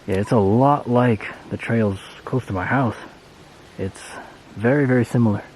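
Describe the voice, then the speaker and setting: A man's voice: on the low side, a little hiss or hum. A man talking casually to himself while hiking a pine forest trail, rambling and playful. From Colorado. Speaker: hiking vlogger. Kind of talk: casual hiking vlog talk.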